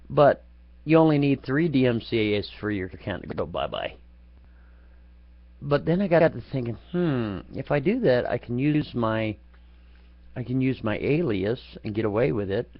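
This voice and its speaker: A man's voice: medium pitch, dry recording. Man, crude mocking rant, live chat host, muffled lo-fi sound, dry close mic. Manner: profane, taunting, mocking. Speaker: chat room moderator. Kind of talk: rambling live chat broadcast. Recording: dull lo-fi, dry.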